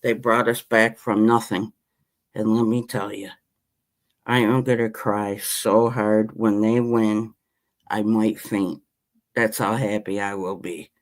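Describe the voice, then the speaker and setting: A man's voice: on the low side, flat delivery, takes it slowly. A man, ranting passionately about his team as a podcast host in casual chat. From Western New York. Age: 50s. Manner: impassioned, rambling sports-fan rant.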